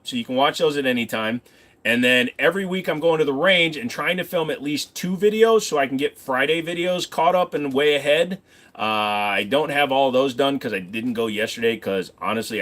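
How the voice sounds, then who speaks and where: A man's voice: mid-range voice, fairly bright tone. A man casually chatting with viewers on a livestream, rambling and joking crudely. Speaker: livestream host.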